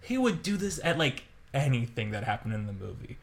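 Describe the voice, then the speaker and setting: A man co-hosting a podcast, chatting casually and telling long, animated stories with lots of fillers and laughter. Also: mid-range voice, a little fast. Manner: rambling, animated storytelling with many fillers and laughs. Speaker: podcast co-host. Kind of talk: casual chat.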